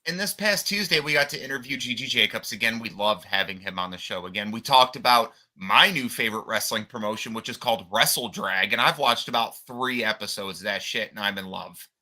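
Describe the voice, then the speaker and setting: A man's voice: on the low side, animated, brisk, hardly any pauses, sharp tone. A man from Michigan co-hosting a wrestling podcast, chatting casually and bluntly while promoting the channel. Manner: plugs the channel, blunt and cussing. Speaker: podcast co-host.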